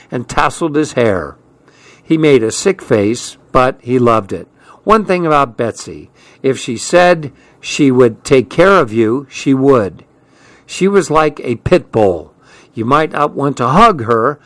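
Slow, measured male audiobook narrator. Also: mid-range voice, dry recording. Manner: measured, unhurried storytelling. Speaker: audiobook reader. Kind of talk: scripted narration.

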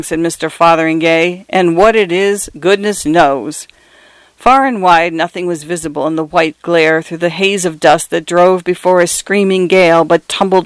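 A man narrates a story in a measured, dramatic way, turning now and then to address the listener. His voice is fairly high and smooth, and the recording is dry and close, with no room echo. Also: a bit bright.

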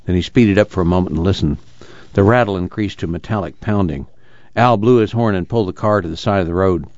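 Male audiobook narrator, steady delivery, low pitch, dull lo-fi sound. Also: fast, no echo. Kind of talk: scripted narration. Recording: dull lo-fi recording.

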